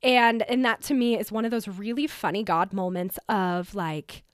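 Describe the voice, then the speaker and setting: A woman's voice: mid-range voice, fairly even intonation, normal speed, no room sound, studio quality. A woman in her thirties from the United States hosting a podcast, telling a personal story in a chatty, emotional way with lots of "like.". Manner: chatty, emotional, heavy use of "like". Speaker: podcast host.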